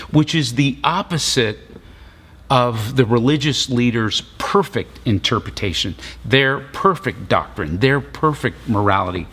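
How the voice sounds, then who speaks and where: Slow-talking man preaching a sermon. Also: medium pitch, husky. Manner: relaxed storytelling, retelling scripture in casual modern speech. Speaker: pastor.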